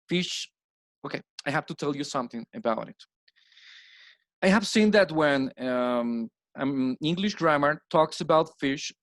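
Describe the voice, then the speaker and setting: A man's voice: fairly high pitch, dry recording. Colombian guy teaching english plurals, spanish accent, repeats words, dry sound. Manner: repeats words slowly with stressed drills. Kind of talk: recorded slide lesson.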